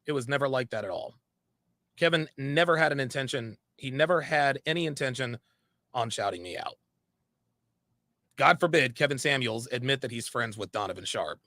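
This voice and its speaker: A man's voice: mid-range voice, lively intonation, normal speed, sharp tone, dry recording. A man speaking frankly in a monologue, repeating phrases for emphasis. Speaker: online commentator. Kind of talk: candid monologue.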